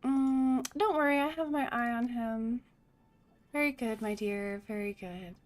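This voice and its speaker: A poised crime boss lady in a cyberpunk game, sweet and courteous on the surface, speaking in measured tones. A woman reads her lines aloud. The voice sits a little high. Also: natural voice. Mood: gracious. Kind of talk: reading game dialogue aloud.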